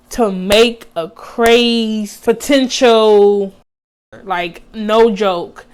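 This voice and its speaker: A woman's voice: a little high, clear, resonant tone. Young woman, vlogger, casual storytime, slangy, filler-heavy, speaks to viewers. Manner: chatty, heavy use of "like" and slang, addresses viewers as y'all.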